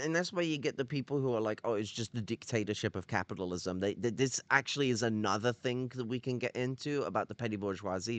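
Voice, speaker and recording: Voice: medium pitch, no echo. A livestream host giving casual commentary on a text. They read quotes aloud and break off into rambling, profane, sardonic asides full of fillers and restarts.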